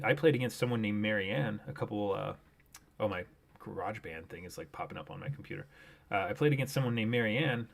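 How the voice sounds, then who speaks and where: A man's voice: fairly low pitch, vocal fry. Rambling man thinking aloud while streaming. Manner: rambling, thinks aloud with many fillers and restarts. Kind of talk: casual live-stream commentary.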